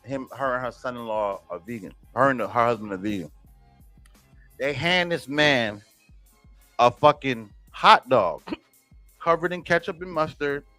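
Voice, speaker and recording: A man co-hosting a morning radio show, ranting comedically and swinging from loud outbursts to low mutters. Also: a little slow, long pauses, soft background music. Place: radio studio. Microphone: studio microphone.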